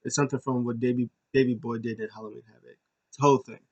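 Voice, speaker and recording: A man's voice: mid-range voice, flat delivery, racing, a little mellow, muffled recording. A man hosting a casual recap show. He rambles with lots of fillers and restarts, and he sounds like an enthusiastic fan. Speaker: podcast host.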